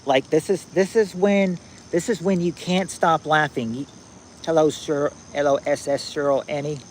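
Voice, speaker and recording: A man hosting a casual trivia game on a livestream, reading viewers' answers aloud in a halting, repetitive way, outdoors at night on a phone. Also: fairly high pitch, steady tone, slight background noise, poor audio. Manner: halting and repetitive, restarting phrases, drawling out answers.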